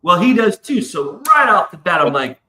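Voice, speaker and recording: A man hosts a casual live stream, swearing freely as he rambles through a long story. His voice is bright and forward. The room gives it a noticeable echo. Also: high voice, sing-song, moderate pace. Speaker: stream host. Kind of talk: casual chat.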